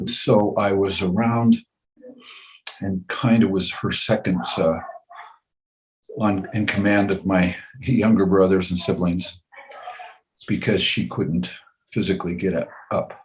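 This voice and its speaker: A man who is a guest on a podcast, telling a personal story in an earnest, folksy, measured way. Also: sits low, fairly even intonation, a little hiss or hum, poor audio.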